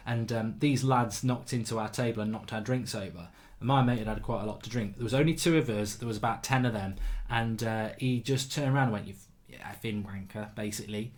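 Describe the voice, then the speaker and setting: A man's voice: medium pitch, a little fast. Man, thirties, casual stream host, rambling anecdotes, restarts. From England. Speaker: show host. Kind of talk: casual livestream chat.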